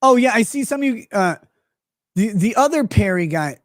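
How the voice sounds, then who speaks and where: Man, livestream host, crude, rambling, animated pitch, dry close sound. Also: moderate pace, dry recording. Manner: reads out chat messages. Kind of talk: casual livestream commentary.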